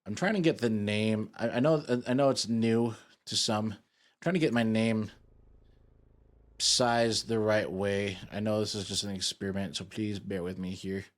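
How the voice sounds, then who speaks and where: A man's voice: lowish voice, steady tone, normal speed. A young man chatting casually to his live-stream audience, goofy and rambling while he fiddles with his setup.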